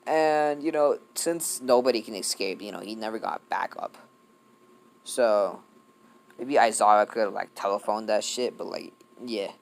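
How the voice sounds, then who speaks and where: A young YouTube storyteller improvises a fan-fiction tale in a casual, rambling way, swearing and leaning heavily on fillers. His voice is fairly low and creaky, at a moderate pace.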